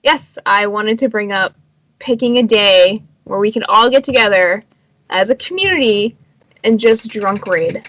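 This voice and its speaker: A woman co-hosting a casual podcast, chatty and enthusiastic, quick to agree with the others. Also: medium pitch, lively intonation, a bit bright, dry recording, rough recording. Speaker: podcast co-host. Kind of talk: casual chat.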